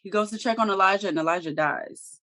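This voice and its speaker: A woman talks fast in a mid-range voice. She's a co-host in a casual recap of a TV episode, retelling scenes in a blunt, animated, slangy manner with lots of profanity.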